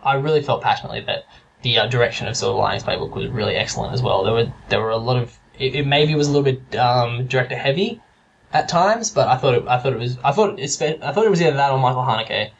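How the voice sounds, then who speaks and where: A man's voice: mid-range voice, expressive, fast, creaky, lo-fi sound. Rambling chatty man, faint noise behind. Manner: chatty, rambling, many fillers and restarts. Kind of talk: casual chat.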